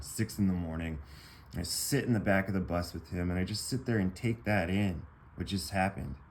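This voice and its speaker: A man with a very low voice tells a personal story to his camera in a loose, rambling way. He swears freely and stumbles through fillers and restarts. A faint hiss sits under the recording. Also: a little mellow. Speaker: vlogger telling a personal story. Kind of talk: casual storytelling.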